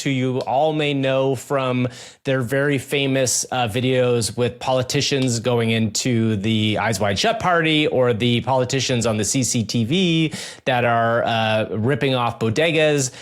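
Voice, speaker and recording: A man co-hosts a podcast, chatty and enthusiastic, with plenty of loose fillers. His pitch sits in the middle range for a man. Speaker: podcast co-host. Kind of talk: casual chat.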